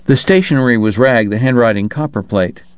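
A man reading an audiobook in a measured, even way. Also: medium pitch, dry recording. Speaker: narrator. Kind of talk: audiobook narration. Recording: dull lo-fi dry recording.

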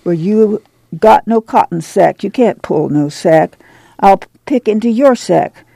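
A man voicing a weary, determined middle-aged farm mother who gives brisk orders in a drawl. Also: high-pitched, animated, vocal fry, warm tone, breathy edge, no room sound, pitched above the performer's own voice, full character voice. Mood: firm. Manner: brisk, commanding, folksy.

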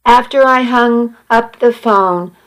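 Slow-reading woman narrator. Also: fairly high pitch, low-quality recording. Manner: plain, earnest storytelling. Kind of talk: first-person story reading.

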